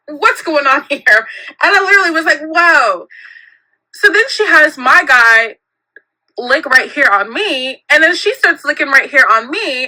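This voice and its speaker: A young woman tells a personal story in a high, very bright voice. She is animated and giggly, and she acts out every line of dialogue. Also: low-quality recording.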